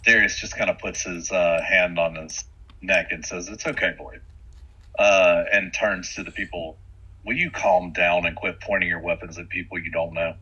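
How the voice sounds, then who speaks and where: A man's voice: deep voice, fairly even intonation, normal speed, bright, forceful tone, husky. A man playing a tabletop game, speaking in a matter-of-fact planning tone. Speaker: player. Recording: muffled lo-fi mic.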